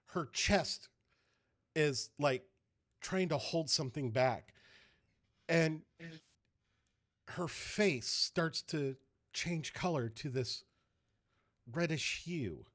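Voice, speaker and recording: A man narrating a tabletop game as game master, telling the scene in an animated way with loose restarts. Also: on the high side, extremely slow, long pauses.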